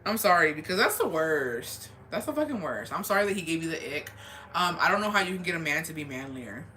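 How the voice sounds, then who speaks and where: A woman's voice: sits low, sing-song, brisk, sharp tone, a little hiss or hum. A young woman chatting casually and profanely as she answers viewer confessions, switching now and then into Spanish. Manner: profane, laid-back, slips between English and Spanish. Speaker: advice vlogger reading viewer confessions. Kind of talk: casual chat.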